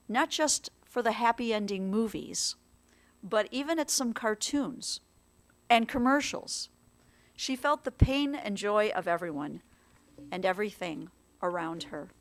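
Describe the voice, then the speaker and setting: A woman officiant giving a funeral eulogy in a chapel, speaking slowly, gently and in a measured way. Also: medium pitch.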